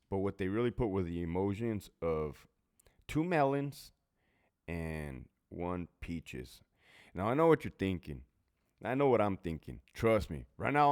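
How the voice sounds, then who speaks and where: A middle-aged man chats casually and bluntly, swearing freely and laughing at himself. His voice sits low but swings widely in pitch, animated as he tells stories from his prison job. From California. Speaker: former prison officer answering viewer questions. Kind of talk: casual Q&A chat.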